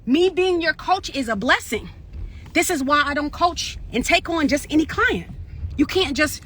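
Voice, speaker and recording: High-voiced woman preaching real estate motivation. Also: expressive, moderate pace, fairly bright tone, slight background noise. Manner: preachy, emphatic, repetitive call-and-response. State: getting out of breath. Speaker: real estate coach and agency owner. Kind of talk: motivational livestream talk.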